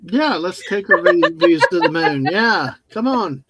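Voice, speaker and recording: A man co-hosting a live stream, making jokey, animated asides in casual chat. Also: high voice, measured pace, breathy edge, dry recording. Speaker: co-host.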